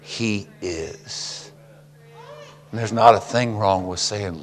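An older man preaching a folksy, humorous sermon and closing in prayer, swinging from hushed whispers to loud cries. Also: lowish voice, slow pace, pauses often, a little hiss or hum. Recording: long reverb in a hall.

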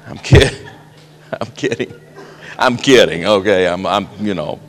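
A man's voice: fairly low pitch, a little slow. A male pastor preaching a sermon in a folksy way, full of joking asides.

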